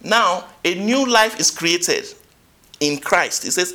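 A male preacher delivering a sermon in a bright, ringing voice. His pitch leaps and falls, with loud emphatic peaks and quiet asides. He asks the congregation questions and reads scripture aloud. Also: expressive, slow.

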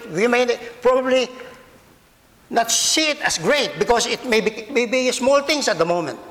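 A male pastor preaching a sermon slowly and deliberately, repeating words as he speaks to children and adults alike. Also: very high-pitched, fairly bright tone. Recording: long reverb of a large hall.

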